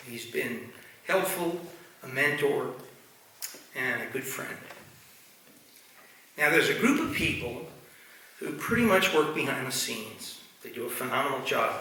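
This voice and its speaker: A man's voice: mid-range voice, expressive, a little slow, pauses often, sharp tone, a little hiss or hum. A man, the new president of a medical society, giving a formal speech to delegates, joking and thanking colleagues. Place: large meeting hall. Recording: echoey hall, distant mic, crowd murmur.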